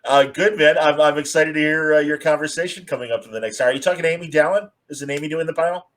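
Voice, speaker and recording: A man's voice: on the high side, fast, fairly bright tone, poor audio. A man hosting a casual video-call interview, rambling with many fillers. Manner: friendly, rambling, lots of fillers. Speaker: host.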